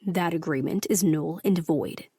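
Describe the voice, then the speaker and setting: Cold commanding mafia don read by a woman narrator, low and breathy, dry booth. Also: a little slow, dark tone, dry recording. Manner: clipped, controlled, authoritative.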